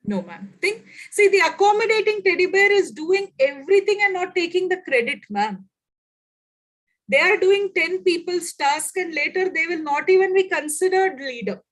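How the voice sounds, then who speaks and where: A woman with an Indian English accent leads an online training session over a video call. Her voice sits high, and she keeps firing questions at her participants in an animated way. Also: normal speed, low-quality recording. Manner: lively, quizzes participants with frequent questions. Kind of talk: interactive online lecture.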